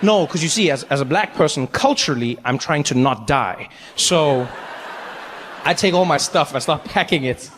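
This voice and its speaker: A male comedian telling a story on stage with lively, animated delivery and quick jumps into character voices. His voice sits high, and a long hall reverb trails each line. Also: a little hiss or hum. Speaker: stand-up comedian. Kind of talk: stand-up comedy.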